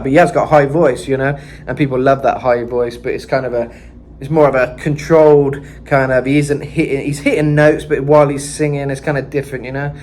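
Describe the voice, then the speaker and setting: A man giving a casual vocal lesson, chatting about singers' tones and breaking into gritty high sung and screamed demonstrations. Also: a little mellow, slight background noise. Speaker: vocal coach.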